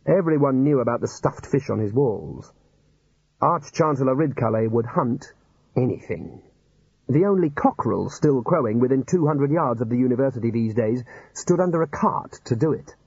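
A man narrating an audiobook in a dry, measured way. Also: mid-range voice, expressive, darkish tone, breathy edge, no room sound. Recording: dull lo-fi recording.

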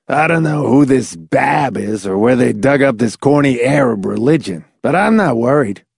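A cocky, self-satisfied man who brushes off every threat with a mocking, breezy tone, read by a male narrator. His delivery rises and falls in lively swings, close and dry. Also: medium pitch, normal speed, gravelly, slightly rough, no echo. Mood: smug. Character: smug, cocky man loaded with lucky charms.

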